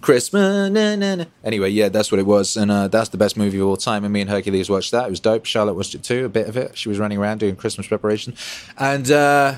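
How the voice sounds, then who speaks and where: Profane, animated man hosting a stream. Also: on the low side, fast talker. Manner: profane, animated, swinging between loud bursts and mumbles. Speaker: livestream host reading chat. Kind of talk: casual livestream chat.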